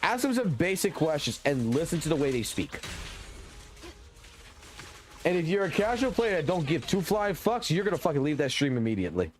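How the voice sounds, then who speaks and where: A young man from Louisiana with a Southern accent, ranting loudly and profanely while chatting on a live stream. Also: a little high, fairly quick. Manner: loud, profane, energetic ranting. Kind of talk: casual ranting stream chat.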